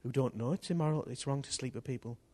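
Man, pastor, sermon, fervent swells, middle pitch, church room. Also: quick pace. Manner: impassioned, rising to loud outbursts. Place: church hall with congregation.

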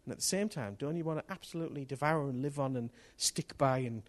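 A man preaching a sermon to a congregation, impassioned and building to loud bursts. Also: mid-range voice, fast. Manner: impassioned, rising to loud outbursts. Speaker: pastor. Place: church hall with congregation.

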